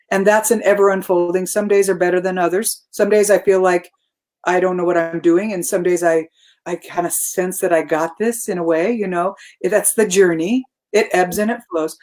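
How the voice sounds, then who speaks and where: A woman's voice: fairly low pitch, fairly even intonation, normal speed, darkish tone. A woman speaking as a guest on a spiritual talk show, reflective, repeating herself and laughing easily.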